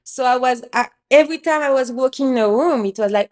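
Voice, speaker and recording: A woman's voice: high voice, a little fast, darkish tone. A French-accented woman from France, hosting a podcast and telling business stories with a candid, emphatic manner. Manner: candid, emphatic, swears freely, acts out quotes. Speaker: podcast host. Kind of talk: casual business storytelling.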